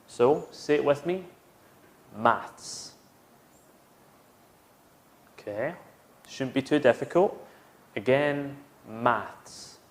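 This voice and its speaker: A man's voice: medium pitch, unhurried, a little mellow. A British man teaching English vocabulary, patiently modelling words for learners to repeat. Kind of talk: slow, clear classroom instruction.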